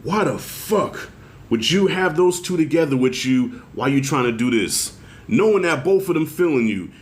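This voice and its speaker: A middle-aged man giving a casual video review of a TV show, telling stories in a loose, profane, animated way. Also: on the high side, moderate pace. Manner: animated, profane storytelling with acted-out quotes.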